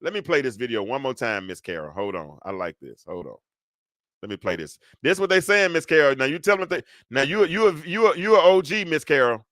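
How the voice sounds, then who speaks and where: A man in his fifties hosts a live call-in show in a rambling, animated way, with a bright, forceful tone. The sound is close and dry, with almost no room around it. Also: mid-range voice, brisk, no echo. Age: 50s. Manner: rambling, animated, talks back to callers and chat. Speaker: show host.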